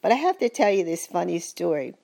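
Older woman caregiver, lowish gravelly voice, gentle faith-filled testimony. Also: very animated, brisk. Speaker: caregiver of a husband with dementia. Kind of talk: personal testimony.

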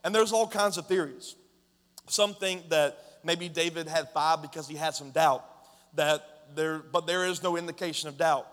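A man preaching a lively sermon, retelling a story in casual slang and urging the congregation to respond. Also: fairly high pitch, normal speed. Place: church hall. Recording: long hall reverb.

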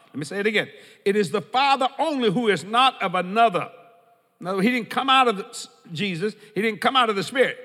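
High bright-voiced male preacher, reverberant hall. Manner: preaching with emphatic repetition, quoting scripture. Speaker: pastor. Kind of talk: sermon.

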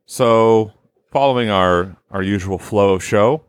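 A man's voice: on the low side, unhurried, clear, resonant tone, dry recording, clean studio sound. A man hosting a podcast, talking in a loose, rambling, conversational way. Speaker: podcast host. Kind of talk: casual chat.

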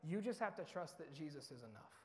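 High-voiced preacher in a reverberant hall. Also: male voice, lively intonation, a little fast, a little mellow. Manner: earnest, conversational preaching with vivid storytelling. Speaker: pastor. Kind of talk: sermon. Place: church sanctuary. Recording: long reverb of a large church hall.

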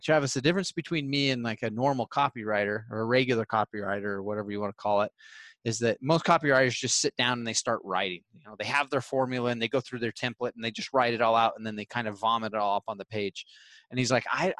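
A man's voice: mid-range voice, fast talker, no echo. Male host, casual storyteller, acts out his quotes, close dry mic. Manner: animated, acts out quoted voices while retelling. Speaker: podcast host.

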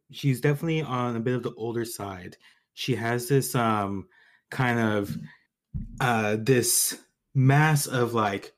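A man describing his tabletop character hesitantly, with many ums and likes. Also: medium pitch. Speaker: guest player.

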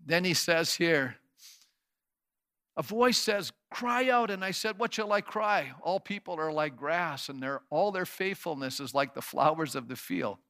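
A man with a high, bright voice preaches a sermon. He reads scripture, then drives his points home with emphatic repetition and rhetorical questions. At times he adds playful sound effects. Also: animated, a little slow. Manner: uses sound effects and asks the congregation questions. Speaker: pastor.

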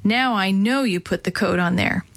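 A woman's voice: mid-range voice, normal speed, fairly bright tone, lightly acted. A woman voicing a skeptical, joking boy in a children's story. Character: young boy, skeptical and teasing older brother.

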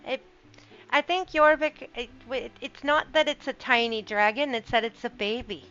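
A woman with a slightly high voice, talking in measured, hesitant bursts as a player at a tabletop game. Her voice comes through a dull, lo-fi mic. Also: fairly bright tone. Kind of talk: casual in-character banter.

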